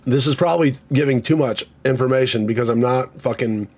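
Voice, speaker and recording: A man's voice: medium pitch, a little fast, darkish tone. A man streaming casually, rambling and joking about himself, swearing freely and reading out chat comments.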